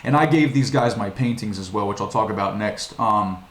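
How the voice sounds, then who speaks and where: A man's voice: on the low side, moderate pace. A young man from Virginia telling a story to his vlog viewers in a rambling, profane way, with many restarts. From Virginia, USA. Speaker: vlogger. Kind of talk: casual storytelling monologue. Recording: echoey room.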